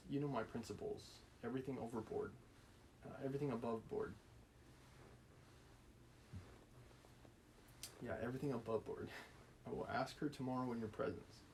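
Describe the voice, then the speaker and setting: A man's voice: medium pitch, a little mellow, a little hiss or hum, close to an everyday voice, poor audio. A man reading the part of a stern, domineering old prince, brusque and scolding. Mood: gruff.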